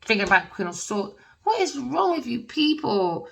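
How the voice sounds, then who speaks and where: A woman's voice: a little high, sing-song, normal speed, vocal fry, far from the mic, rough recording. A woman giving a casual tarot reading, rambling and emphatic with plenty of slang. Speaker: tarot reader.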